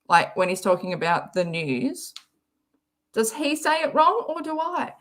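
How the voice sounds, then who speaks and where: A woman's voice: on the high side, lively intonation, a little slow, fairly bright tone. An Australian woman hosting a livestream, chatting casually and giggling while she reads out viewer messages. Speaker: livestream host. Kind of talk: casual chat reacting to a clip.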